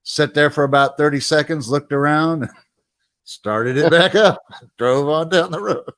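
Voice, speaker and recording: A man's voice: fairly high pitch, a little slow, fairly bright tone, dry recording, studio quality. A man telling a short story in casual chat, in a plain, matter-of-fact way.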